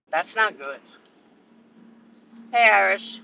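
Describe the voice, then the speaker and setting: Bright, sharp-voiced man venting on a livestream. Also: sits high, big pitch swings, a little slow, a little hiss or hum, rough recording. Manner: profane, venting, answers chat by name. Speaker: livestream commentator. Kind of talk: casual livestream rant.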